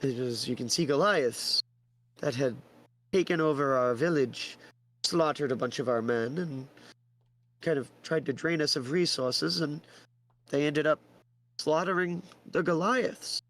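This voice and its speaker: A man's voice: on the high side, a little slow, fairly bright tone, poor audio. A man voicing a polite, flustered old village man who hesitates and fusses over his words. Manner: hesitant, fussy, with ums.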